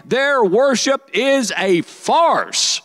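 A man voicing Jesus as a stern adult man rebuking hypocrites, declaiming loud and slow. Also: extremely high pitch, sing-song, long reverb tail, voice pushed up, exaggerated voice.

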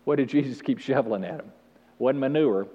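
A male pastor preaching an animated sermon with call-and-response to the congregation in a church. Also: mid-range voice, brisk. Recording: dull sound with long hall reverb.

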